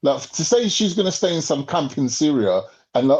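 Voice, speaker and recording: A man's voice: fairly high pitch, sing-song, normal speed, darkish tone. A man ranting in casual, profane podcast talk. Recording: slightly muffled lo-fi audio.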